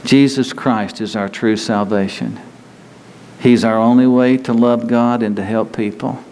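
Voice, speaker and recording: A man's voice: mid-range voice, steady tone, measured pace, a little mellow. Man, pastor, folksy sermon, long church reverb, faint room noise. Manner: folksy, conversational preaching with acted-out quotes.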